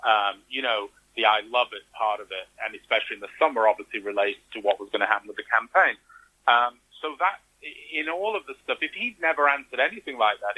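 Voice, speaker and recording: Guy telling a story in an interview, bright husky voice, acts out what people said. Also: mid-range voice, poor audio. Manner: animated storytelling, acts out quoted reactions. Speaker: interview guest. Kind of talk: conversational interview.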